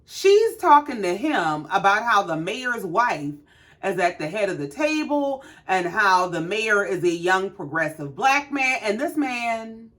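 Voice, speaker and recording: A woman's voice: medium pitch, big pitch swings, unhurried, a bit bright. A woman casually recapping a reality show with sassy, profane commentary.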